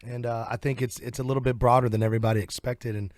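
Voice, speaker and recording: A man with a Southern US accent, talking as a country singer guest in a relaxed, rambling interview chat in a radio studio. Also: medium pitch, fast talker, no room sound. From southern United States. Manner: relaxed, rambling, laughs easily.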